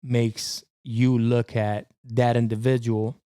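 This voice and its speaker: A man's voice: mid-range voice, flat delivery, slow pace, dark tone, clean tone, dry recording, clean studio sound. A young man co-hosting a podcast in casual, slangy chat, laughing often. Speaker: podcast co-host.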